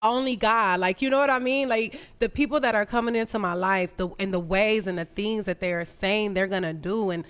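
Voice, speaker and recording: Animated woman podcast host. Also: a little fast, few pauses, clean tone. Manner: animated, acts out quotes with big pitch jumps. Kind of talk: casual chat.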